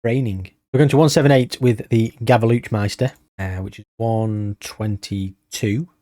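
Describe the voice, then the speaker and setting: A man commentating casually on his own video game session, chatty and wry, tired and thinking out loud. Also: lowish voice, fairly even intonation, normal speed, no echo, clean studio sound. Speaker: gaming YouTuber.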